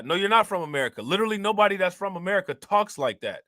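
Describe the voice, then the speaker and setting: A man's voice: high-pitched, very animated, very fast, bright, forceful tone, dry recording, studio quality. A man hosting a commentary stream, reacting to news clips in a casual, indignant way and talking straight to his viewers.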